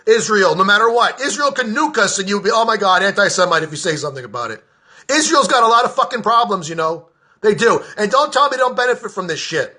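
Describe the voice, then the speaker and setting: A man podcaster giving a heated, profane political rant straight to camera, openly shouting. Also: high voice.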